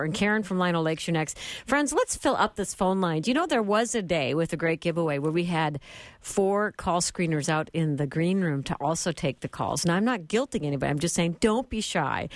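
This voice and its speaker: A woman's voice: on the low side, dry recording. A woman hosting a live radio call-in show, upbeat and encouraging with callers.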